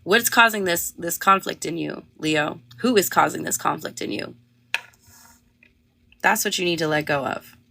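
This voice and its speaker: A woman's voice: lowish voice, moderate pace, creaky, pushed and bright, no echo. Chatty woman reading tarot on a livestream. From Canada. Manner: chatty, rambling, lots of fillers. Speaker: tarot reader.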